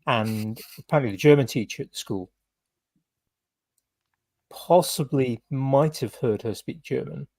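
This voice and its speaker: A man's voice: medium pitch, measured pace, creaky, pauses often, a little mellow, no echo. A British man hosting a casual podcast, telling stories in a rambling way full of "kind of" and "you know". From United Kingdom. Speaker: podcast host.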